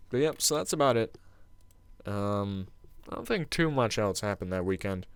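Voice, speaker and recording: A young man with a slightly low voice tells a long, meandering story while he plays a game. His delivery is loose and casual, padded with "um" and "like." He sounds like a regular channel host chatting to viewers. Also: expressive, measured pace, smooth, dry recording. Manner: casual and meandering, heavy on fillers like "um" and "like". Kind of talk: rambling storytelling over gameplay commentary.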